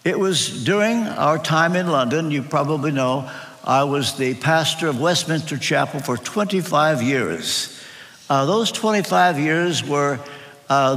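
An older male pastor delivers a sermon in an earnest storytelling way, leaning on pauses and repeated phrases. He talks slowly, with a lively voice that rises and falls widely and sits a little high. His words ring out with a long reverb in a large church hall.

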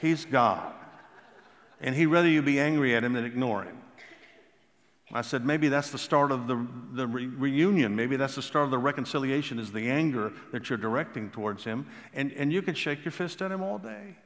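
A man preaching a sermon, telling stories and stressing key words slowly and emphatically. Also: on the high side. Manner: storytelling, emphatic with slow drawn-out stresses. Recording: long hall reverb.

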